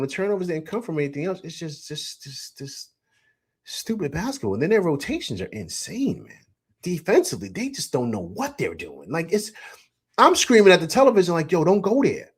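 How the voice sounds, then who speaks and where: A man's voice: fairly high pitch, big pitch swings, brisk, breathy edge. A man hosting a live-stream sports reaction show, talking emphatically to his chat viewers, repeating himself and saying "man" a lot. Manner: addresses chat viewers directly. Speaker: fan show host.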